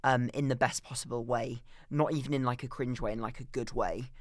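A man co-hosting a podcast, talking in a gushing way and heaping effusive praise on things. His pitch sits in an ordinary middle range. The recording is dry and close, with no room around him. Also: steady tone, brisk, dry recording. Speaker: podcast co-host. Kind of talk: casual chat.

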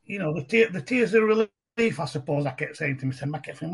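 A middle-aged man with a broad Barnsley accent tells a personal story to a podcast host. His voice sits a little high for a man and is gravelly and husky. He talks in a chatty, rambling way and often repeats and restarts his phrases. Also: lively intonation, fast talker, hardly any pauses. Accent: Yorkshire, Barnsley. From England. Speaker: podcast guest. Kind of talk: casual storytelling conversation.

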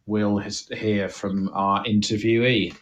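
A man's voice: on the low side, little pitch movement, slow pace. A man co-hosting a comedy podcast, chatting casually and trailing off into jokes. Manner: jokey, drifting off mid-sentence. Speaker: podcast co-host.

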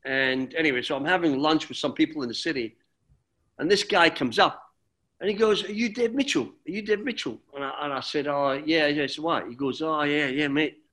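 Rambling former footballer telling stories. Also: male voice, on the high side, brisk, pushed and bright. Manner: rambling, with many restarts and "mate". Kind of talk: relaxed anecdotal storytelling.

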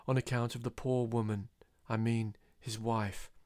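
A man reading the lines of a mild, hesitant male character speaking gently. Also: mid-range voice, level tone, unhurried, smooth, no echo, studio quality, lightly acted. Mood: gentle.

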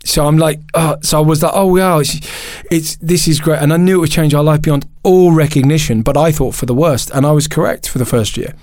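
A man, a podcast guest, telling a candid personal story in an animated, emotional way, often restarting and laughing at himself. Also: fairly high pitch, fairly quick, few pauses, dry recording.

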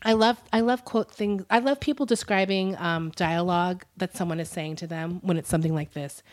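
A woman telling a story to her co-host in a loose, conversational way. Her voice sits fairly low. She leans on fillers and breaks into laughter often. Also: a little fast, few pauses, a little mellow. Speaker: podcast co-host. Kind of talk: casual storytelling chat.

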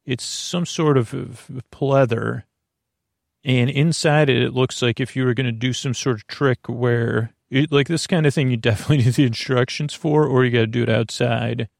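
A man's voice: mid-range voice, fairly even intonation, moderate pace, gravelly, dry recording, clean studio sound. A middle-aged man hosting a podcast, talking in a meandering, digressive way with many restarts and asides. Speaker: podcast host. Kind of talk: rambling, meandering podcast monologue.

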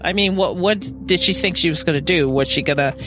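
A woman podcast host casually recapping a show in animated chat, laughing often. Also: on the low side, fairly quick, music in the background.

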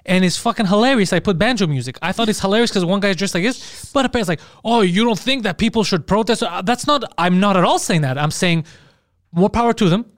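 A man from Montreal who hosts a podcast, telling stories in fast, profane, exasperated casual chat with a fellow comedian. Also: sits high, lively intonation, no echo, studio quality. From Montreal, Canada. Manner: rapid, profane, exasperated storytelling.

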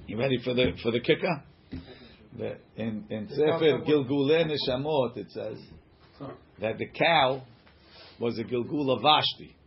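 A man's voice: medium pitch, measured pace. A man teaching an informal text-study class, translating passages line by line in a conversational way. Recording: dull lo-fi recording.

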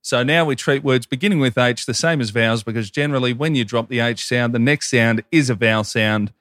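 A man's voice: mid-range voice, a little fast, a bit bright, no echo, studio quality. Upbeat Australian man reading messages. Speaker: podcast co-host. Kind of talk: casual chat, reading listener messages.

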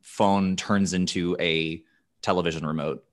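Low-pitched man in his thirties, casual podcast guest, candid and profane, restarts phrases. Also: fairly even intonation, unhurried. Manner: candid storyteller, swears often, restarts phrases.

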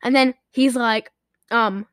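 Giggly, rambling woman with a higher voice. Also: fairly even intonation, slow pace, fairly bright tone, clean tone. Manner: rambling, giggly, acts out quoted lines. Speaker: podcast co-host recapping a movie. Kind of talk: casual chat.

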